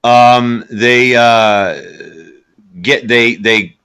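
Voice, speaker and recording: A man co-hosting a film podcast, recapping plots in a halting way with dry jokes. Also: mid-range voice, fairly even intonation, pushed and bright, clean tone. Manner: halting, many fillers and restarts, dry jokes. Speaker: podcast co-host. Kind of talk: casual film review chat.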